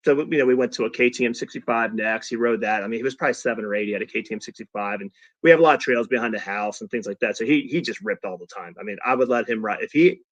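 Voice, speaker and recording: A man's voice: medium pitch, quick pace, no room sound. A middle-aged man telling casual stories as a podcast guest, acting out quotes with lots of restarts. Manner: animated storyteller who acts out quotes, many restarts. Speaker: podcast guest, father of a young racer. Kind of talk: casual storytelling chat.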